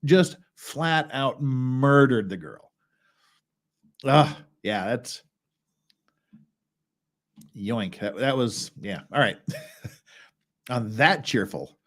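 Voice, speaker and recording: An American man hosts a casual legal-case livestream, reading documents aloud and tossing in blunt, wry asides as he rambles. His mid-range voice is a bit bright with lively intonation, and he takes his time with long pauses.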